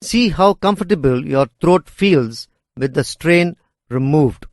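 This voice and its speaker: Slow, measured male lesson narrator. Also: a little high, expressive, no echo, clean studio sound. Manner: measured, deliberate reading. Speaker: instructor reading course material. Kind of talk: scripted educational narration.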